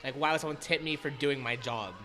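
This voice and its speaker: A man's voice: medium pitch, bright, forceful tone, soft background music. A young man from Canada, a guest who works in a grocery store, talking in casual chat with swearing and plenty of "like". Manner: fast, swearing, many "like" fillers.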